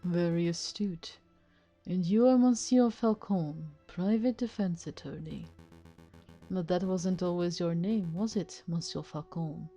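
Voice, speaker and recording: A woman voicing a smooth, mysterious male fox con man who speaks in a suave, evasive, theatrical way. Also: on the low side, measured pace, dark tone, faint music behind.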